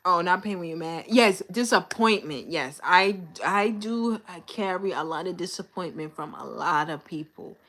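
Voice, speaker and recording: A woman's voice: fairly low pitch, lively intonation, moderate pace, hardly any pauses, a bit bright. A young woman hosting a casual livestream, talking candidly and venting in a loose, conversational way. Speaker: livestream host. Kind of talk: casual live-stream chat.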